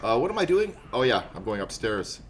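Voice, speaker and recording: A man's voice: medium pitch, big pitch swings, fairly quick, slight background noise. A man streaming a video game live, chatting casually with viewers from a room at home and yelping and laughing at sudden moments in play. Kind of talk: casual gameplay chat.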